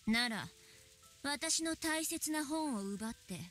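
A woman's voice: high-pitched, animated, moderate pace, fairly bright tone, soft background music. An actress voicing a cold, haughty girl who talks in a menacing witch-like adult voice in a visual novel. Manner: icy, dismissive, threatening. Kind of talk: dubbed visual novel voice acting.

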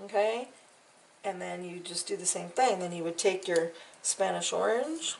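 A woman's voice: lowish voice, lively intonation, unhurried, gravelly, far from the mic, a little hiss or hum, poor audio. A woman hosting a casual real-time coloring tutorial, chatty and encouraging, trailing off and repeating words as she works. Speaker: art tutorial host.

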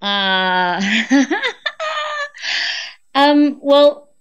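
A woman guest speaks in a slightly high voice. She chats easily, tells anecdotes and laughs often. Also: expressive, very slow, clean tone, dull audio. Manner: chatty, laughs often, storytelling. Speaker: guest voice actress. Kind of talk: casual chat.

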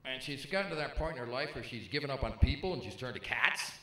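A man's voice: medium pitch, lively intonation, sharp tone. A man in his fifties doing a stand-up comedy routine, punchy and teasing, working the crowd. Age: 50s. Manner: punchy, teasing crowd work with quick jokes. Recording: live club, echoey with crowd noise. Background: audience laughter.

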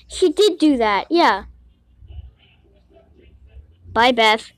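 A woman giving casual commentary while playing an online game, excitable, giggly and quick to get frustrated, talking to herself. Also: fairly high pitch, no echo. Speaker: gamer playing a Roblox game. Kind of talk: casual let's-play commentary.

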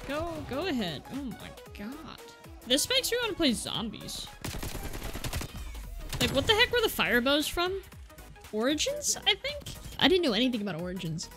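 A young woman giving excitable live gameplay commentary from a room at home, exclaiming and repeating words in bursts. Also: sits high, normal speed, over music. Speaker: gaming YouTuber.

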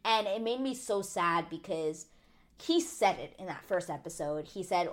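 A chatty woman with a somewhat low-pitched voice recaps a reality show with loud opinions. She talks casually, packs in fillers, and jumps high when she gets indignant. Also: animated, unhurried. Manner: rises to high indignant exclamations. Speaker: TV recap vlogger.

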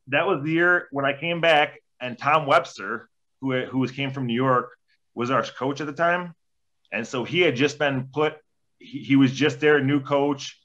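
A man's voice: medium pitch, fairly bright tone. A man in his forties, a former hockey player, telling rambling, profane anecdotes as a podcast guest. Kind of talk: casual storytelling. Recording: dull lo-fi sound.

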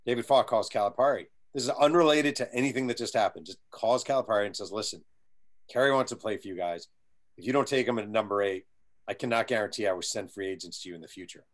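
A man's voice: lowish voice, quick pace. A man being interviewed as an author, telling a long anecdote with energy and acting out the people in it. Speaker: guest author. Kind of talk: storytelling interview answer.

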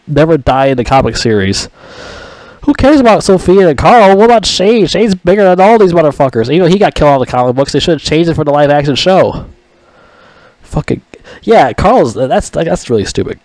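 A man vents in a heated, swearing rant, restarting sentences and sighing in disgust. His voice sits at an ordinary middle pitch. The recording is close and dry, with no room sound. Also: a little mellow, dry recording. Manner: ranting, profane, exasperated, sighing, stumbling restarts. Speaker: video creator ranting about a TV show. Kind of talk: angry profane rant.

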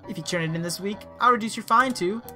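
A man's voice: sits high, fast talker, bright, forceful tone, faint music behind. A man doing a pompous monster librarian. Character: fussy self-important monster librarian.

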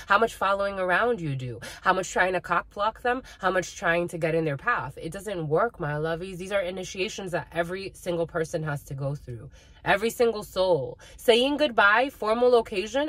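A woman giving a tarot reading to her viewers, blunt and profane, ranting with bursts of laughter and calling them "my lovies.". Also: fairly low pitch. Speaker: spiritual reader.

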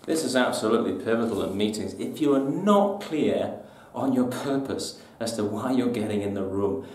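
A lowish-voiced man delivers business tips with punchy emphasis and a chatty, colloquial turn of phrase. He sits back from the mic in an echoey room, with faint ambient noise. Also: expressive, normal speed, darkish tone, far from the mic. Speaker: business trainer. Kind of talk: presenting tips to camera.

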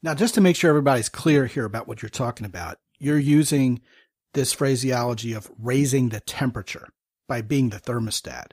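A man's voice: medium pitch, brisk, a little mellow, husky, no echo, clean studio sound. Frank, probing male podcast host. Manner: frank, probing, lays out examples and checks understanding. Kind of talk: podcast interview.

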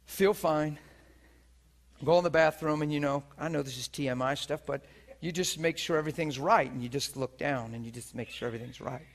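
Teaching on divine healing before a listening audience, a male preacher delivers a sermon full of vivid storytelling, speaking a little fast. His voice is slightly high for a man and grows lively and animated as he acts out the people in his story, laughing at it himself.

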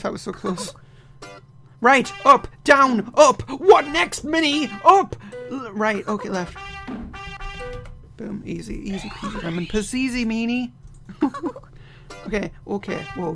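A young man doing playful, self-mocking commentary on his own gameplay, often breaking into sudden yells. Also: high-pitched, big pitch swings, moderate pace, gravelly. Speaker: let's play gamer. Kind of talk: game commentary. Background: game music.

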